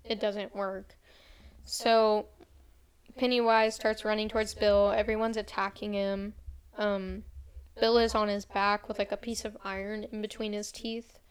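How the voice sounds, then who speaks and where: Telling a friend the plot of a horror movie, a young woman recaps fast and casually, lightly voicing the characters' lines as she quotes them. Her voice is medium in pitch, clean in tone and flat in delivery.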